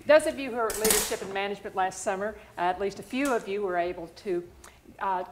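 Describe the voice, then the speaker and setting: A woman's voice: medium pitch, a little hiss or hum. A woman hosting an educational webinar, giving thankful closing remarks with frequent "uh" fillers. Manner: warm, thankful, halting with fillers. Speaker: webinar host.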